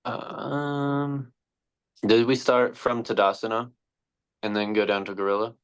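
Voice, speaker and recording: A man's voice: medium pitch, flat delivery, measured pace, smooth. A male yoga teacher trainee cues poses hesitantly, with many fillers, and corrects himself as he goes. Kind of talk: cueing yoga poses, then casual chat.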